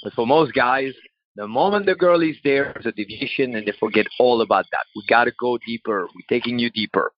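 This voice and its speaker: A man's voice: mid-range voice, a little fast, lo-fi sound. A man on a panel giving punchy advice in short, emphatic coaching lines.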